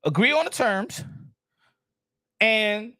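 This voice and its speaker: A man giving casual boxing commentary, animated, repeating himself and firing off rhetorical questions. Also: high voice, takes it slowly, dry recording, clean studio sound. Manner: animated and repetitive, many restarts and rhetorical questions.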